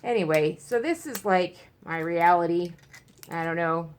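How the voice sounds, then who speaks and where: A woman's voice: fairly low pitch, unhurried. A woman talking frankly in a rambling personal vlog at home, full of fillers and restarts. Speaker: vlogger. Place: at home, indoors.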